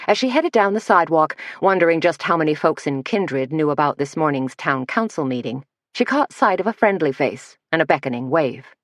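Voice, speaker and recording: A woman narrating an audiobook in a measured storytelling manner. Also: low-pitched, animated, dry recording, studio quality. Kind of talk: scripted narration.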